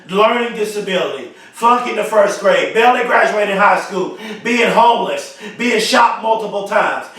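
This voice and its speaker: A man giving a motivational speech, emphatic and repetitive, stretching key phrases slowly for emphasis. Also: high voice, fairly bright tone. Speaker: motivational speaker. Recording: very echoey room, mic far off.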